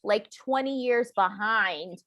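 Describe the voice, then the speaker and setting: An American woman author in a conversational interview, animated and laughing, quoting others in mocking voices. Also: mid-range voice, slow pace. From United States. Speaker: author guest.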